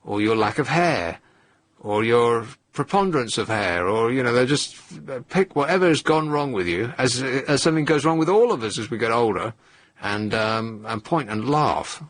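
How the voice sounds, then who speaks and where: A man's voice: mid-range voice, animated, moderate pace, a bit bright, no echo. Dry, teasing male radio host. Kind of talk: late-night radio phone-in chat. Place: radio studio. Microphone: studio microphone.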